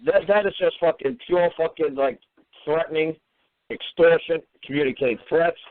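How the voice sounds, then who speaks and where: A man's voice: fairly high pitch, normal speed. A man hosting a call-in radio show, scolding and mocking his caller in a profane rant. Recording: tinny phone-line radio audio.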